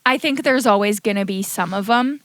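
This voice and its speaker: A woman co-hosting a podcast in a quick, agreeable casual chat. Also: medium pitch, a bit bright, no room sound. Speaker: podcast co-host.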